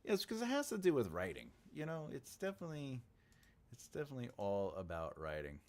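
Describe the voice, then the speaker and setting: A man hosts a writing channel livestream, chatting casually and teasing viewers in a playful, giggly manner. His medium-pitched voice has a darkish tone, huge pitch swings, and a slightly fast pace.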